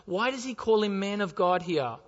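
Pastor preaching in a reverberant hall. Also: male voice, high-pitched, animated, moderate pace. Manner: storytelling, rhetorical questions. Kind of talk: sermon. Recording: dull sound with long hall reverb.

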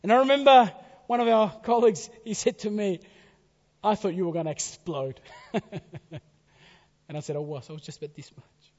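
A man preaching a sermon, swinging between forceful emphasis and hushed, whispered phrase endings. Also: high voice, moderate pace, pauses often. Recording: dull sound in a reverberant hall.

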